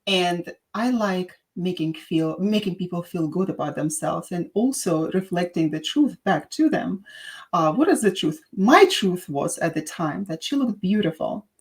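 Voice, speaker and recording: A woman from Russia with a Russian accent, chatting as a guest and telling stories in an emphatic, animated way. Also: fairly low pitch, unhurried. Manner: animated storyteller, emphatic, with filler restarts. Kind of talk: casual chat.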